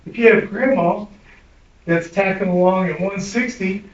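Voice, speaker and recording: A man's voice: high voice, a little slow, highs cut off. Blunt man lecturing a class. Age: middle-aged. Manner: blunt, profane, quizzing the class. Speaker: EMS instructor. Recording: echoey room, distant mic.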